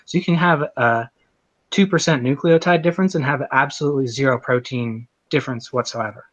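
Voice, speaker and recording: A man's voice: mid-range voice, brisk, a bit bright, no room sound, lo-fi sound. A man in a debate explaining genetics in a technical, matter-of-fact way. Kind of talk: live debate argument.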